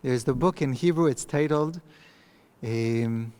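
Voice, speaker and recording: A man's voice: medium pitch, mellow, clear, resonant tone. Man, mid-range voice, rabbi lecturing to a mic, reflective and informal. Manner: thoughtful, conversational, with pauses and restarts. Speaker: rabbi teaching a text class. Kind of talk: recorded online lecture. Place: empty study hall. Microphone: microphone.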